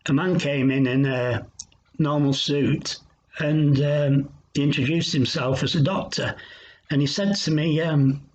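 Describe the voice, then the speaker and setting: A man giving a personal testimony in an earnest, reflective way, pausing as he tells his story. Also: a little high, fairly even intonation. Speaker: Christian recovery speaker. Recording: dull lo-fi sound.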